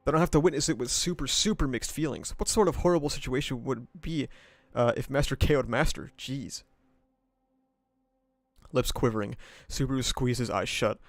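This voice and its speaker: A man with a mid-pitched voice reads a novel aloud on a live stream and stops often for crude, laughing reactions. The sound is close and dry, with no room echo. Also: quick pace, hardly any pauses. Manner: casual and profane, breaking into laughs and asides.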